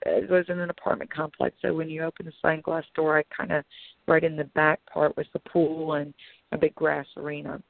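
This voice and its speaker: Gravelly-voiced woman pastor over a phone line. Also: low-pitched, no echo. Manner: earnest, dramatic retelling with quoted inner thoughts. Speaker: pastor and author guest. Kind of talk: emotional personal storytelling turning into preaching.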